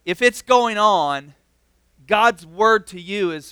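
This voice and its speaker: A young man preaching a relaxed, chatty sermon as a pastor, filling his talk with "like". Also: high-pitched, slow pace, clean tone, no echo. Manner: casual, constantly says "like". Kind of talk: conversational sermon.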